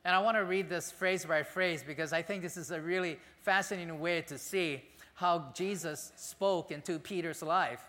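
Man, pastor, conversational sermon, bright forceful tone, slightly high pitch. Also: normal speed, hardly any pauses, big-room sound. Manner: conversational, animated.

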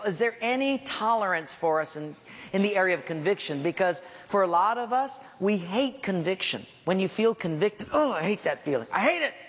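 A middle-aged man, a pastor, telling a self-mocking story in a sermon and acting out the voices in it. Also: high voice. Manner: animated, self-mocking, acts out the voices in his stories. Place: church hall. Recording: reverberant hall with faint background hiss.

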